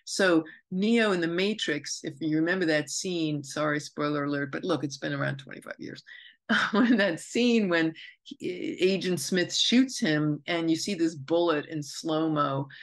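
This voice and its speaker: A woman's voice: deep voice, moderate pace, few pauses. A woman astrologer hosting her own podcast, talking unscripted in a meandering, reflective way, correcting herself and drifting into asides. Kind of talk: unscripted spoken monologue.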